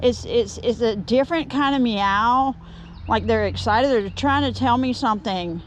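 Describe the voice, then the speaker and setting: A woman's voice: on the high side, moderate pace, slight background noise. A woman chatting and rambling to viewers as she works in an outdoor workshop. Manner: chatty and rambling, talks to viewers and shoos a bee. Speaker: woodturning vlogger. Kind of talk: casual chat while working in a workshop.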